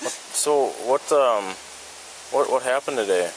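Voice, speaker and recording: A police officer who questions calmly, then gives forceful commands. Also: mid-range voice, unhurried, poor audio. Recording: police body camera outdoors with faint noise.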